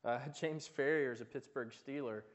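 A man's voice: medium pitch, moderate pace, lo-fi sound. A man preaching with rhetorical questions. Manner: conversational, asks the listeners rhetorical questions; often repeats and restarts words. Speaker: pastor. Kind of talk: sermon.

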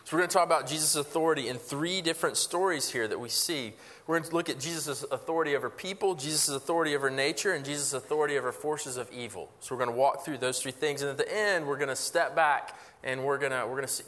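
A man preaching to a congregation in an earnest, conversational way, often pausing on fillers and restarting his sentences. His voice sits at an ordinary middle pitch. It carries a long reverb from the church hall around him. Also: a bit bright. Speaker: pastor. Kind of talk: sermon. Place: church sanctuary.

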